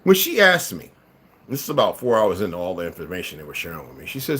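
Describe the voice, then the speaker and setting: This livestream commentator is a man whose pitch swings widely as he speaks at a quick pace. His combative monologue to viewers drops to mutters, climbs to loud, emphatic bursts, and includes occasional laughter and repeated words.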